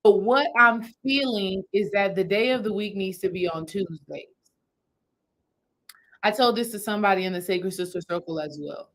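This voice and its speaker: A woman's voice: medium pitch, normal speed, fairly bright tone, rough recording. A woman spiritual healing coach, talking her audience through a meditation step by step in a casual, repetitive way. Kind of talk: guided meditation talk to a live audience.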